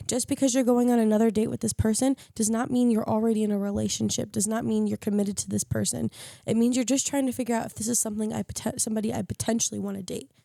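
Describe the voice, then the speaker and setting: A woman's voice: mid-range voice, gravelly, mellow, dry recording, clean studio sound. A young woman on a podcast panel, candidly telling a personal story in casual chat and acting out what others said. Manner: candid storytelling, acts out quoted lines.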